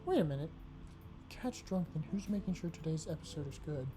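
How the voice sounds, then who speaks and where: A woman's voice: deep voice, animated, fairly quick, background noise. A woman casually commenting as she plays a visual novel, chatty and jokey, often laughing at herself. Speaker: let's play host. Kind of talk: casual gameplay commentary and reading aloud.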